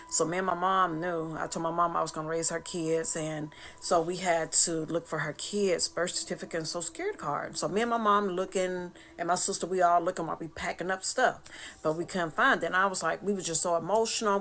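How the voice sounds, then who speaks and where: A woman's voice: fairly low pitch, fairly bright tone. A woman telling a personal story casually and emotionally, with laughter.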